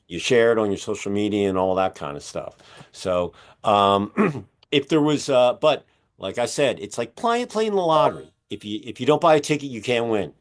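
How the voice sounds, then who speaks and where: A man hosting a podcast interview, talking in a rambling, energetic way with many fillers, his voice going hoarse as he keeps clearing his throat. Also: medium pitch. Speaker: podcast host and magazine publisher. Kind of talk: casual interview chat.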